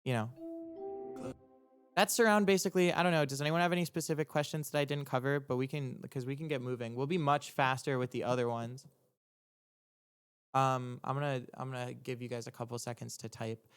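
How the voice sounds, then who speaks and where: A young man, a music producer, talking casually on a livestream as he breaks down his own track, rambling and halting with lots of ums, restarts and casual swearing. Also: medium pitch, steady tone, smooth. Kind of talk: casual explanatory livestream talk.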